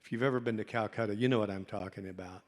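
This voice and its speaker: A man's voice: lowish voice, steady tone, rapid-fire. A middle-aged man, a doctor, tells a folksy, self-mocking story to a convention audience. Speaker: doctor and speaker. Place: convention hall. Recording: long hall reverb.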